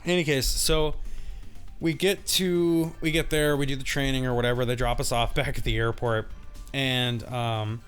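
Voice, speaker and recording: A young man with a smooth, slightly bright, medium-pitched voice speaks at normal speed with fairly even intonation, soft music in the background. He co-hosts a gaming channel and tells a rambling, laughing story while gaming, acting out how the others sounded.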